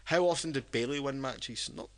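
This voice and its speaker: A man's voice: mid-range voice, normal speed. A drunk man, co-hosting a casual podcast chat and rambling with many restarts. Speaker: podcast co-host.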